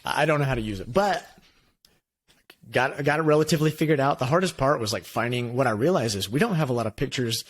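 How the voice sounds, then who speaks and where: A man co-hosting a design podcast in casual chat, upbeat and quick to laugh, with a slightly nasal tone. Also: mid-range voice, animated. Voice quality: nasally when recorded, by his own account. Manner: upbeat, laughs often, talks in quick bursts. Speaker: podcast co-host.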